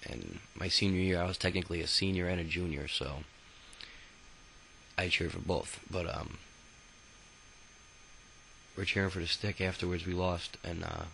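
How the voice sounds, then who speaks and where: A young man tells his life story in a loose, rambling way, swearing freely. His voice sits very low and has a gravelly rasp, but the tone is bright and forceful. He restarts his sentences often. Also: steady tone, normal speed, long pauses, slight background noise, poor audio. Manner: rambling, profane, full of fillers and restarts. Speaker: autobiography narrator. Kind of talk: casual spoken memoir.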